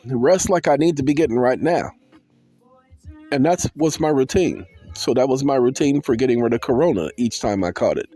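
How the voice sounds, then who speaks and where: A man giving a casual, animated monologue to his viewers, calling out to them and slipping into sing-song bursts, with soul music playing behind him. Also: mid-range voice, moderate pace. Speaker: vlogger.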